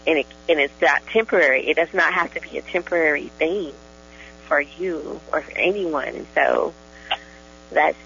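A woman with a deep, gravelly, somewhat bright voice speaks at a moderate pace over slight background noise, in dull lo-fi radio sound. She's a guest training in deliverance ministry, joyful and enthusiastic in a casual radio conversation, laughing often.

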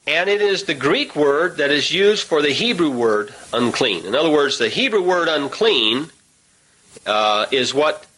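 A man teaching a Bible study in a bright, slightly husky voice that rises and falls a lot. He reads scripture passages aloud and keeps turning to his listeners with rhetorical questions, pressing on in a hurried way. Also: on the high side, animated, poor audio. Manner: hurried, says he must talk rapidly.

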